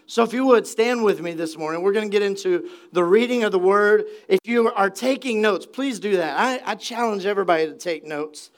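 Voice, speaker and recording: High-pitched guy pastor preaching sunday sermon, chatty, pumped up, keeps asking the crowd for amens. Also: fairly quick, hardly any pauses. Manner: energetic, conversational, calls for congregation responses. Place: church sanctuary.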